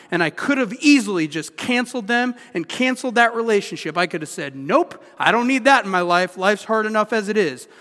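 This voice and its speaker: A man preaching to his congregation in an easy, conversational way, asking questions of his listeners. His voice sits high for a man. The sound rings out with the long reverb of a church hall. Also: fairly bright tone. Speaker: pastor. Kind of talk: sermon.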